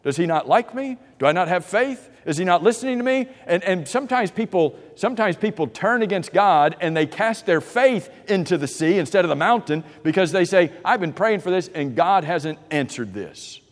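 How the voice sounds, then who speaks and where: A man's voice: sits high, expressive, moderate pace, hardly any pauses. A male pastor delivers a sermon in a slightly raised voice. He keeps asking his listeners questions and puts on the voices of doubters. A long hall reverb trails behind every phrase.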